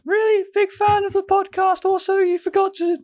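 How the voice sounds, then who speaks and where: A man putting on a high falsetto impression of his female partner, who teases him in a chirpy voice. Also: level tone, moderate pace, darkish tone. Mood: teasing. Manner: squeaky falsetto.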